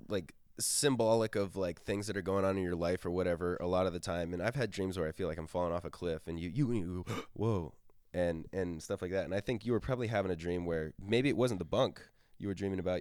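A young man with a fairly low voice tells stories in relaxed podcast chat. He laughs often and bursts into loud impressions when quoting. The sound is dry and close. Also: clean tone, no echo. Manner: laughs often, acts out quotes loudly. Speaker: podcast host. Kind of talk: casual storytelling chat.

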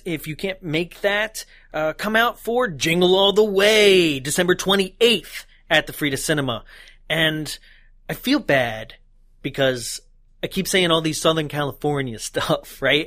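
A man's voice: fairly high pitch, a bit bright, dry recording, clean studio sound. A man co-hosting a casual podcast, laughing often and chatting loosely. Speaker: podcast co-host.

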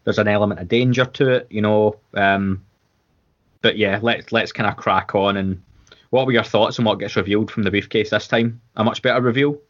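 A Scottish man with a lowish voice chats casually as a podcast co-host, rambling along with restarts and plenty of fillers. The audio is a little dull and lo-fi. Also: fairly even intonation, brisk. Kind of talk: casual watchalong chat.

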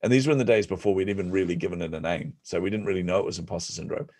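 A man, a podcast guest, telling stories in an animated, self-deprecating way and acting out the voices of people he quotes. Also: sits low, racing. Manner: self-deprecating humor, frequent laughs. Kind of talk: storytelling in an interview.

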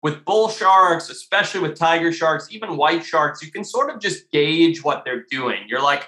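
Bright-voiced man telling a wild story. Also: fairly high pitch, normal speed, few pauses, roomy sound. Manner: animated, swears freely, many fillers. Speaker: podcast guest, shark diver. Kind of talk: casual storytelling.

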